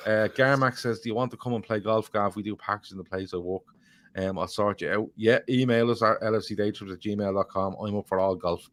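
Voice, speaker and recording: Lowish-voiced man, rambling banter. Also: a little fast, fairly bright tone. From Ireland. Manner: rambling, swears freely, jokey banter. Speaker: podcast co-host reading viewer comments. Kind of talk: casual chat.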